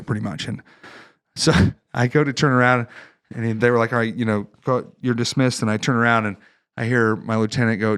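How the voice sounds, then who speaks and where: A man from northern Ohio, a Marine veteran guest on a podcast, telling a wild story in a casual, profane, animated way with laughs. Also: medium pitch, fairly quick, clear, resonant tone. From northern Ohio, United States.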